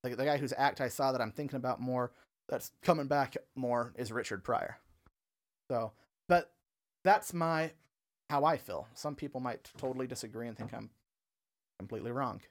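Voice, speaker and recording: A tired man, a stand-up comedian guesting on a casual podcast, talks at a middling pitch. He rambles earnestly, circling back with "you know" and repeating his points. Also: normal speed, pauses often.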